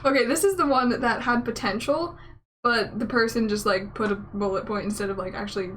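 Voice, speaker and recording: Giggly young woman, slightly high voice. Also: fairly quick, a bit bright, slight background noise. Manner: giggly, playful. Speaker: channel host. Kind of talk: casual comedic chat reading fan fiction.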